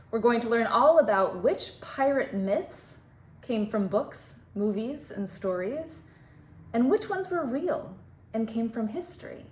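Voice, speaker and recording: A woman museum educator, narrating a children's history lesson and asking her listeners friendly questions. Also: medium pitch.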